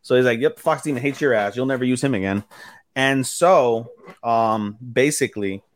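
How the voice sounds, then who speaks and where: A podcast co-host with a mid-range voice and moderate pace casually recaps an episode. He animatedly acts out the characters' lines as he goes, leaning heavily on "he's like."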